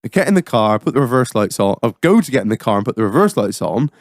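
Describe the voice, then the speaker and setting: Man, podcast host, animated sweary storytelling, dry close sound. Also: medium pitch, fast, dry recording. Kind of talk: casual chat, storytelling.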